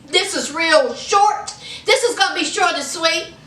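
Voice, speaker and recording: A woman's voice: very high voice, a little slow, fairly bright tone. Sassy woman vlogger in an echoey room. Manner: sassy and direct, scolding with "honey", "y'all", "okay?". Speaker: reality TV reviewer. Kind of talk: casual recap vlog. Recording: echoey room, far from mic.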